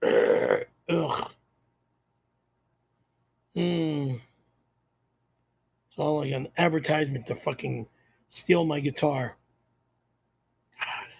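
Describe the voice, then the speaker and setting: Brief: middle-aged man, high gravelly voice, slow speech, profane rants. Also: big pitch swings. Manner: loud, profane outbursts. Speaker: show regular. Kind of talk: livestream banter.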